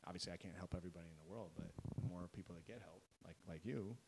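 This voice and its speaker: A man appears as a podcast guest, a mental coach for athletes, explaining things earnestly and constantly checking in with "right?" and "you know?". His voice sits low and he races through his words. There is heavy background noise.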